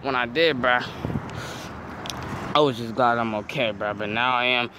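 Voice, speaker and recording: A man's voice: mid-range voice, moderate pace. Slangy teen guy outdoors by traffic. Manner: slangy, says "bro" after nearly every phrase. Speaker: storyteller. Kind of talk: casual storytime.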